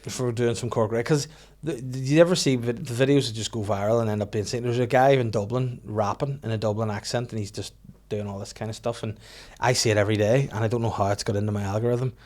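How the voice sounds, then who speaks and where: A man hosting a comedy podcast, telling stories in quick casual chat and laughing often. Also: mid-range voice, steady tone, a little mellow. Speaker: podcast host.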